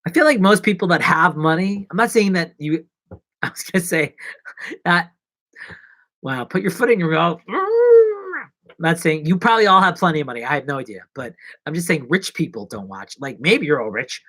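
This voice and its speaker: A man chats to his live-stream viewers from his apartment, rambling from joke to joke and poking fun at himself. His pitch bounces up and down a lot. The sound is dry and close. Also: lively intonation, brisk, pushed and bright, dry recording. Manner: rambling, jokey, self-mocking. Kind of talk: casual live-stream chat. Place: apartment in New York.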